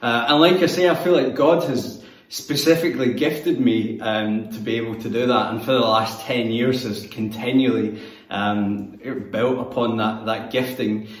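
A Scottish man in his thirties, a church youth leader, giving a relaxed, conversational, self-deprecating sermon. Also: medium pitch, normal speed. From Scotland. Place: church hall. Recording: echoey room, mic at a distance.

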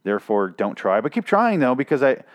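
A man's voice: sing-song, a little fast, lightly acted. A man voicing a dismissive, vague teenage girl in a mocking parody. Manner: mocking, exaggerated falsetto parody.

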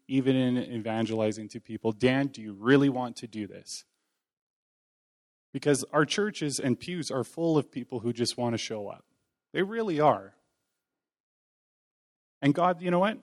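Folksy man giving a casual sermon. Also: medium pitch. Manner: conversational, folksy, self-deprecating humor. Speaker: lay preacher. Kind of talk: informal sermon.

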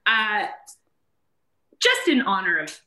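Woman, podcast host, chatty, upbeat, bright voice. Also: mid-range voice, huge pitch swings, slow pace, reverberant, poor audio. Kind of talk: casual chat.

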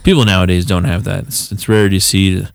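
A man with a fairly low voice tells animated stories in casual podcast talk, slipping into the voices of the people he quotes. The sound is dry and close. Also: fairly quick, creaky, clean tone, no room sound. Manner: animated storyteller who acts out quotes.

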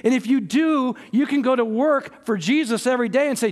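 High voiced guy pastor preaching, earnest, tells stories, gets emphatic. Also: fairly quick, few pauses. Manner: earnest storytelling, rising to emphatic peaks. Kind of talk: sermon.

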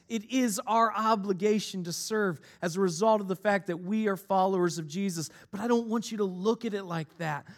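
Male pastor, high voice, conversational sermon, storytelling with playful asides. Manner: conversational preaching with personal stories and playful asides.

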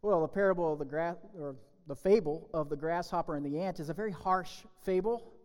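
A man preaching as a pastor, reading scripture and a fable to children, then giving a sermon in an emphatic, measured way. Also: fairly high pitch, a little mellow, in a large hall.

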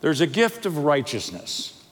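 An older man preaching a sermon as pastor, lively and humorous, asking the congregation questions and telling stories. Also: on the high side, a little slow, husky. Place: church sanctuary. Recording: long reverb of a large hall.

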